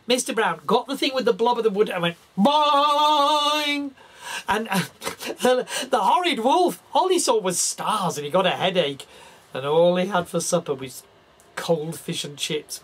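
A man telling a children's story in an animated way, talking straight to the young listeners. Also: sits high, slightly rough.

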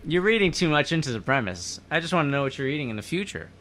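A man co-hosting a casual podcast chat, playful and quick to laugh. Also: a little high, big pitch swings, a bit bright, slight background noise. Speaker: podcast co-host.

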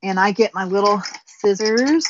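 A guest crafter with a southern Indiana accent, speaking in a mid-range voice at normal speed, offers folksy chat as she shows a finishing technique step by step. The recording has the highs cut off and a little hiss or hum.

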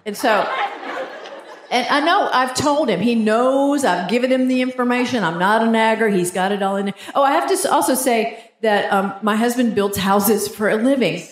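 A woman's voice: fairly high pitch, moderate pace. A woman in her fifties doing a stand-up comedy set in a theatre, telling stories and acting out the voices of her family. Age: 50s. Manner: animated storytelling with acted-out voices. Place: theatre stage before a live audience. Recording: roomy live theatre sound with audience noise.

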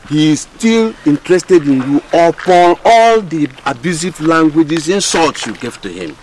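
A stern Nigerian uncle. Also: male voice, a little high, lively intonation, unhurried, a little mellow, slight background noise. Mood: scolding. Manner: scolding, lecturing. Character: stern uncle, scolding elder. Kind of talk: Nollywood film drama.

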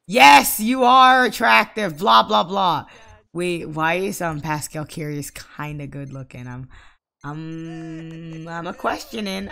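A woman talks over her game session in casual let's play commentary, fussing at the characters. Her voice sits a bit low with a lot of vocal fry in it. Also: bright, forceful tone. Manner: exasperated, scolding her game characters aloud. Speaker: gaming channel host.

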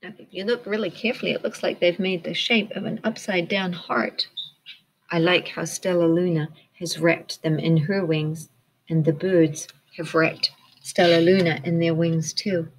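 A woman's voice: on the low side, fairly even intonation, moderate pace, a little hiss or hum. A woman teacher reading a picture book aloud to children, encouraging them and asking them questions. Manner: encouraging, asks the listeners questions.

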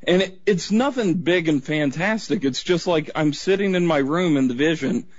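A man's voice: a little high, animated, normal speed, dry recording. Casual rambling male caller. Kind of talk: telling a story on call-in radio. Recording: dry, dull lo-fi line.

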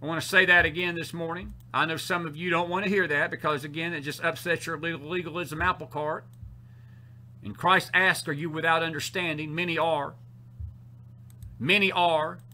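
A man's voice: fairly high pitch, fairly even intonation, normal speed, pushed and bright, slight background noise. A man with a Southern US accent preaching a sermon, emphatic and fond of repeating his key phrases, with sarcastic asides to the congregation.

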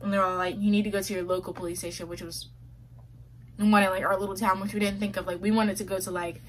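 A woman's voice: mid-range voice, little pitch movement, fast talker, slight background noise. A young woman vlogger telling a story to camera in a casual, chatty way, full of fillers. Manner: chatty, many "like" fillers, quotes others in her own voice.

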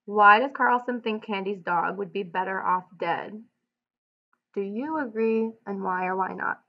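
A woman teacher reading a novel aloud and pausing to give clear instructions, on a dull lo-fi recording. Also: mid-range voice. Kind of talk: audiobook read-aloud with lesson notes.

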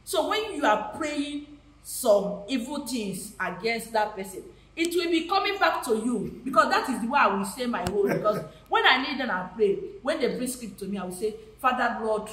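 A woman's voice: a little high, moderate pace. A woman, telling a long story to guests and acting out what people said. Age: 50s. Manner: animated, acts out quoted voices. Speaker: actress and costumier. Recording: echoey room with faint noise.

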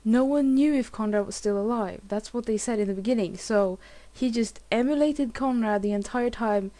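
A woman's voice: fairly high pitch, moderate pace, warm tone. A woman hosting a let's play, giving emotional game commentary with swearing and lots of restarts.

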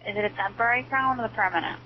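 A woman's voice: on the high side, rapid-fire. A woman working as a dental receptionist, polite and persistent on a phone call. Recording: muffled phone line with noise.

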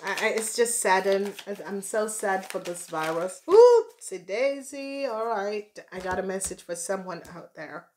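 A chatty woman gives a loose, casual tarot reading, playful and rambling. She calls her viewers by pet names and keeps her pitch in an ordinary middle range. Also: fairly even intonation, normal speed, hardly any pauses, a little hiss or hum. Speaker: tarot reader.

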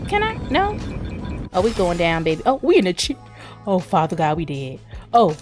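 A woman streaming a shooter game, reacting with loud cries to the Lord and rapid repeated words. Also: mid-range voice, music in the background. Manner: excitable, exclaims to the Lord and Jesus, repeats words fast. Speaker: gaming channel host. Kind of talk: live gameplay commentary.

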